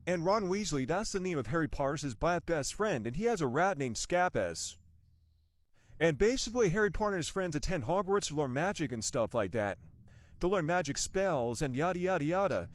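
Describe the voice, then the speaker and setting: Young American man, casual movie vlog, meandering delivery, slightly high, lively voice. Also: brisk, no room sound. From United States. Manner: meandering, with frequent restarts and rhetorical questions. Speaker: vlogger reviewing a movie. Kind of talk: rambling casual movie review.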